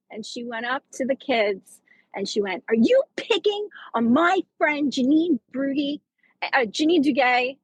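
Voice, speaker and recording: A woman's voice: a little high, husky, no room sound, low-quality recording. A teacher in her forties sharing a personal story on a podcast, talking in rambling bursts with many restarts and fillers. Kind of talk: casual chat.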